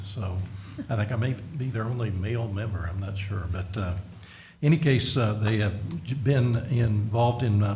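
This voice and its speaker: Gravelly man giving folksy council remarks. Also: medium pitch, darkish tone, roomy sound, slight background noise. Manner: folksy, many pauses and fillers. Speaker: county magistrate. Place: county meeting room.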